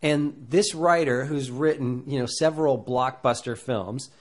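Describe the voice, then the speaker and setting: A man giving acting advice in a loose, rambling talk full of fillers and restarts, getting animated as he goes. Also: mid-range voice, measured pace. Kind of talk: casual talk to camera.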